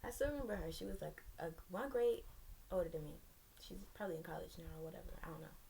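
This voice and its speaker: A woman's voice: on the low side, animated, fast, creaky, warm tone, a little hiss or hum. A young woman telling a personal story to her viewers in a candid, rambling way, with sassy asides. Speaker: vlogger.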